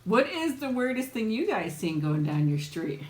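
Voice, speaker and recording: A woman's voice: a little high, very animated, moderate pace, a little mellow, echoey room. A woman hosting a casual live chat with viewers while eating. She tells stories in a chatty way and often laughs as she talks.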